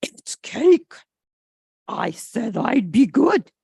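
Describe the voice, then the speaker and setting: A woman voicing an eager male family dog who loves cake, speaking loudly in drawn-out, longing words. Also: mid-range voice, animated, creaky, slightly rough, dry recording, studio quality, voice pushed down, full character voice. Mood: tempted.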